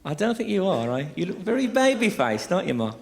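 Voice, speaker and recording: A man's voice: high voice, very animated, fairly quick, creaky, a little mellow. A man from England doing a chatty, crude live stand-up routine on a theatre stage, teasing the audience and laughing at his own jokes. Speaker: stand-up comedian.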